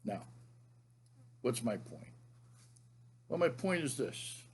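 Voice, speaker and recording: An older man in a folksy, relaxed storytelling mode, speaking to the camera at a middle pitch. He lingers warmly over the details of a childhood memory as an author. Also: slow, slightly rough.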